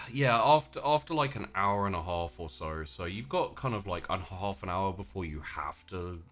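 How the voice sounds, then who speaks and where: Game master, lowish voice, loose chatty narration full of fillers. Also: male voice, animated, moderate pace, fairly bright tone. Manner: casual, filler-heavy, meandering narration.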